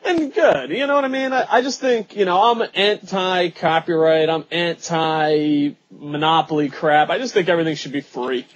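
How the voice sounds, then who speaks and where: A man hosts a homemade online talk show and rambles through blunt, sarcastic opinions. His voice sits high and sounds husky. He talks from a small studio. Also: moderate pace, few pauses, highs cut off. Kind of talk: casual chat.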